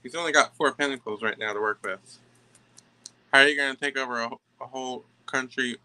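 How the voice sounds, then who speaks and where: A man giving a tarot reading to camera, emphatic and halting, often stopping to restart his sentences. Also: medium pitch, bright, forceful tone, clean tone, poor audio. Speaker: tarot reader.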